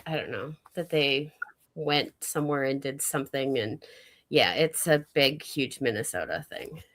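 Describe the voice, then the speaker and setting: A woman's voice: rumbling low, unhurried, fairly bright tone. A woman in a casual livestream chat, chatty and teasing with frequent laughter.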